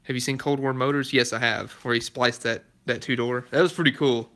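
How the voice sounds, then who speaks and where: A man's bright, forceful voice in a casual live stream from a car workshop. He reads viewer comments aloud and answers in a relaxed, chatty way, chuckling now and then. His pitch sits in the middle for a man. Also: fairly quick. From Southern United States. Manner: chatty, laid-back, chuckles between comments. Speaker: car restoration YouTuber. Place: garage workshop.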